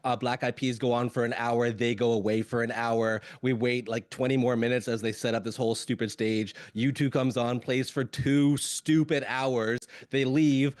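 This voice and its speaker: A man's voice: mid-range voice, level tone, normal speed, few pauses, darkish tone, dry recording. Wry man telling a concert story. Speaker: panel guest. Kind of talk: casual storytelling chat.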